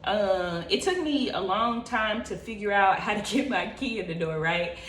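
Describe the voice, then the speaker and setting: Expressive, profane woman storyteller; casual storytime vlog, echoey room. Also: medium pitch, moderate pace. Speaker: vlogger.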